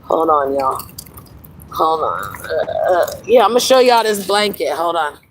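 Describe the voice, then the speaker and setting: A woman's voice: sits low, animated, a little slow, recorded from a distance, a little hiss or hum, poor audio. A middle-aged woman chatting casually on a livestream, rambling and laughing often, calling listeners honey. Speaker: livestream host.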